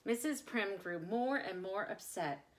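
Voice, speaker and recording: A woman reading a children's picture book aloud with expressive, dramatic delivery. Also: mid-range voice, unhurried. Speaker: storyteller.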